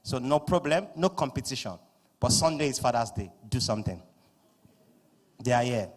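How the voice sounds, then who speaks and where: A man with a Nigerian accent acting as master of ceremonies at a live conference, loud and playful, slipping into pidgin asides. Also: medium pitch, expressive, moderate pace. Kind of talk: live event hosting. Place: large conference hall. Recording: echoing hall through PA.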